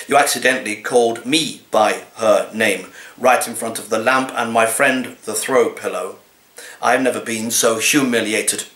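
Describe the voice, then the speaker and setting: A male actor giving an expressive reading of comic poems in a cat's voice, swinging from low murmurs to plaintive high pleas. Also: roomy sound.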